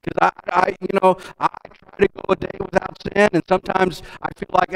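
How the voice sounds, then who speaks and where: A male pastor preaches in a church, moving from easy, conversational talk to loud, emphatic stretches and often repeating his words. His voice sits a little high for a man. The sound rings with the long reverb of a large hall. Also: flat delivery, fairly quick. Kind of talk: sermon.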